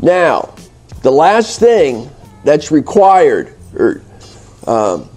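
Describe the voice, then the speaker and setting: A man's voice: fairly high pitch, huge pitch swings, extremely slow, darkish tone. An American man hosting a casual spoken English lesson, rambling and playfully teasing his viewers, with lots of fillers and restarts. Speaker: English teacher and channel host. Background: faint background music.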